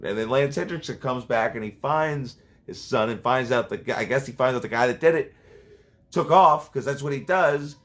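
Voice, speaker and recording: A man's voice: mid-range voice, normal speed. A man reviewing a horror film in a casual vlog, rambling and swearing as he retells the plot. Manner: rambling, profane, animated. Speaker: movie reviewer. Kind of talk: casual profane vlog commentary. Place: seated at home.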